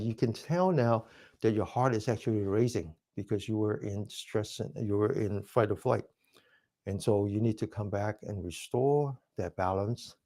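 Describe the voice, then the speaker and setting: Calm man guiding breathing exercises. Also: mid-range voice. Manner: calm step-by-step instructions, counting slowly; drops to a soft whisper for breathing phrases. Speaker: mindfulness exercise instructor. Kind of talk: guided movement and breathing class.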